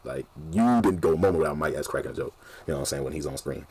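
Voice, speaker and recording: A man's voice: rumbling low, lively intonation, rapid-fire, noisy background. A man casually reacting to a movie, animatedly retelling scenes and laughing often.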